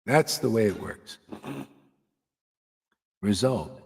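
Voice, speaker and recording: A man's voice: fairly high pitch, lively intonation, a little slow, big-room sound. A man giving an informal devotional sermon as a spiritual teacher, blunt and emphatic, swearing freely and laughing between points.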